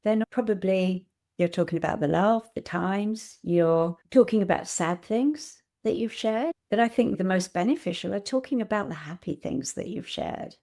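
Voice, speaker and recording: An older woman in conversation, speaking gently and reflectively as she tells stories. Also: mid-range voice, normal speed. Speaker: guest. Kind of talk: casual conversation.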